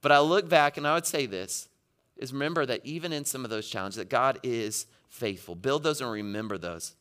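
A man preaching a sermon, building from quiet reflection to impassioned, near-shouted readings of a psalm. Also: medium pitch, brisk, smooth. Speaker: pastor.

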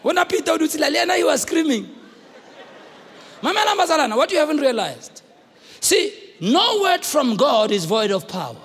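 A middle-aged South African man preaching a lively sermon as a bishop, often shouting and acting out the characters in his stories. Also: extremely high pitch, moderate pace, some chatter behind, slight background noise. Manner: animated, often shouting, acts out voices. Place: large church hall. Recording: live church recording with long reverb.

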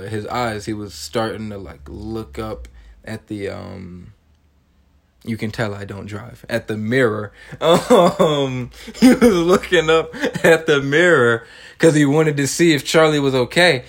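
A young man in his twenties talks through a film scene by scene in a loose, animated way. His voice sits at an ordinary middle pitch. He swears casually and drops in wry jokes between plot points. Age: 20s. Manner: animated, swearing, joking asides. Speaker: film reviewer. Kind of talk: casual movie recap monologue.

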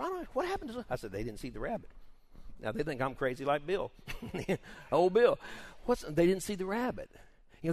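A man preaching as a pastor, telling folksy stories in a rambling, animated way. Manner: rambling and folksy, lively pitch, many restarts. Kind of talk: sermon with folksy storytelling.

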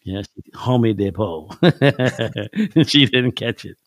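A man's voice: mid-range voice, animated, takes it slowly, no echo, studio quality. A middle-aged man telling stories from his life in a casual chat, folksy and chuckling, acting out the people in his anecdotes.

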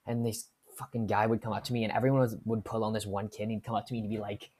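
Casting: young woman, very low voice, laid-back storytime vlogger, swears freely and laughs easily. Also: flat delivery, very fast, a little mellow, slightly rough. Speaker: vlogger telling work stories. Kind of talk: casual storytime.

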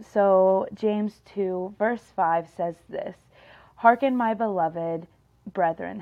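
A young adult woman hosting a devotional podcast, earnestly preaching and reading scripture. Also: mid-range voice. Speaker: podcast host. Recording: dull lo-fi sound.

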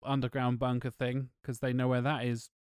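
A man's voice: medium pitch, flat delivery, normal speed, darkish tone, clear, resonant tone, no room sound, clean studio sound. A man co-hosting a casual film podcast, recapping the plot with sweary, sarcastic asides. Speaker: podcast co-host.

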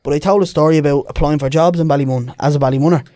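A young Irishman with a Dublin accent tells stories as a podcast guest in casual chat, lively and animated, putting on voices for the people in his anecdotes. His voice is on the high side and very fast, recorded cleanly in a studio with no room sound.

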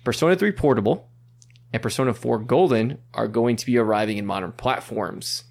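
A man's voice: mid-range voice, vocal fry, a little mellow. Upbeat man hosting a casual chat. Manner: upbeat, quick, restarts and fillers. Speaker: podcast host. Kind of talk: casual chat, presenting news.

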